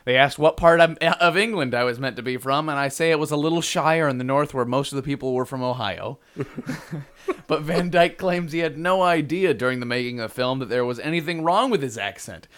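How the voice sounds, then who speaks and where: A man's voice: fairly high pitch, brisk, a bit bright, clear, resonant tone. A man co-hosting a casual podcast, reading news items aloud and joking, laughing often. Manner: jokey, laughs often, reads quotes aloud. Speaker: podcast co-host.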